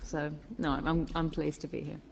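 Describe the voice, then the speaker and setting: A woman's voice: sits low, level tone, normal speed, gravelly, muffled recording. A woman actress answering press questions in casual banter, wry and self-mocking, laughing often.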